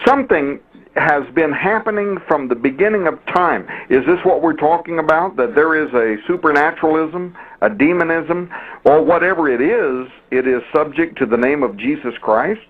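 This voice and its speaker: A man's voice: fairly high pitch, normal speed. A man hosting a radio interview, asking his guest probing questions. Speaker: host. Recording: tinny phone-like radio line.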